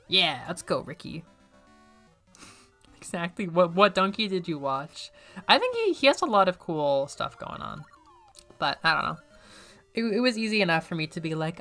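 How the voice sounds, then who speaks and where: A woman's voice: lowish voice, big pitch swings, normal speed, long pauses, a bit bright, soft background music. A young woman chatting casually while playing a video game, rambling and swearing freely. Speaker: gaming streamer.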